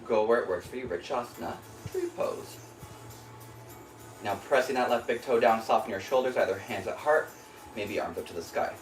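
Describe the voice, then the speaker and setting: A man's voice: lowish voice, quick pace, echoey room, soft background music, rough recording. A man leading a yoga class, calling out breaths and poses while doing them himself, a little short of breath, with an American accent. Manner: calm cueing of breath and poses, breathy while moving through the flow. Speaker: yoga instructor. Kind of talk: guided yoga class cues. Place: yoga studio.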